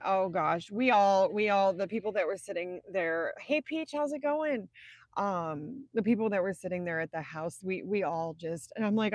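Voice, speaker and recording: A woman's voice: medium pitch, a little mellow, no echo. A woman from Indiana hosting a casual live stream from inside a car at night, chatty and rambling, breaking off to greet viewers by name, sounding tired. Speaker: livestream host.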